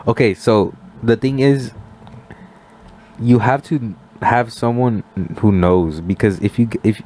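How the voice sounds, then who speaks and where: A man's voice: mid-range voice, a little slow, slight background noise. A young man on a casual podcast, telling a story with lots of "like" and acting out what other people said. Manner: animated storyteller, acts out quoted voices, many "like" fillers. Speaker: podcast guest.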